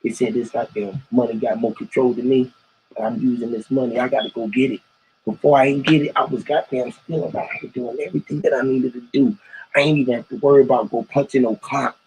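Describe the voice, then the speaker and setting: A man hosting his own live stream, talking in loose, profane slang and firing off rhetorical questions. His voice is husky and a little rough. He sits at an ordinary mid pitch for a man. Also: fairly even intonation, quick pace, darkish tone, rough recording. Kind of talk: rambling live stream talk.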